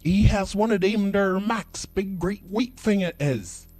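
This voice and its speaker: A man putting on a shrill gushing shop customer. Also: measured pace, darkish tone. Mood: gushing, insistent. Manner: folksy broken grammar, gushing and insistent. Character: excitable know-nothing male shop customer, a father.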